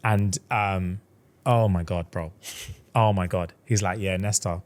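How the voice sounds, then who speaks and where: A man's voice: sits low, steady tone, takes it slowly. A man co-hosting a podcast, telling a fantasy plot in casual chat and acting out the characters' lines with heavy slang. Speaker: podcast co-host.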